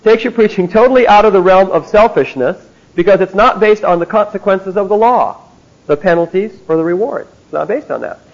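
High-voiced man teaching theology, dull lo-fi sound. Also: brisk. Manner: emphatic, keeps checking in with "see?". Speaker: Bible teacher. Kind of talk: classroom theology lecture. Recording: dull lo-fi recording.

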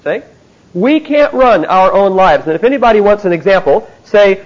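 Lecturing on theology in class, a high-voiced male Bible teacher sounds expressive and emphatic at a moderate pace, checking in with a frequent "see?". The audio is lo-fi and dull.

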